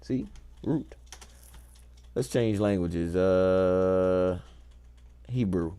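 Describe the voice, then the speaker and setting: A man hosting a casual show, thinking aloud in a relaxed, playful way and enjoying wordplay. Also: low voice, extremely slow, clean tone. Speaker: host. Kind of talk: casual musing talk.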